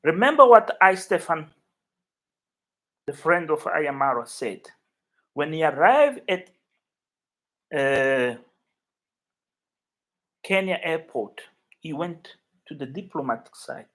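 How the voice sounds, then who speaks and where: A man from Africa hosting a casual live chat from his flat, rambling and emotional as he talks to viewers by name. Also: a little high, takes it slowly, pauses often. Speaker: YouTube livestream host.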